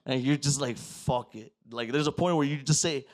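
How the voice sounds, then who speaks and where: Dude telling a wild story on a podcast, cussing a lot, throws in spanish. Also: male voice, mid-range voice, normal speed. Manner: loose, profane storytelling, mixing in Spanish. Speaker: podcast guest. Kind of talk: casual storytelling.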